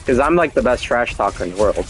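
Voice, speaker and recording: A man's voice: mid-range voice, lively intonation, fast talker, faint music behind. A man talking casually in a boastful, rambling way, chuckling now and then as he goes. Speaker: show host. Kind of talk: casual monologue.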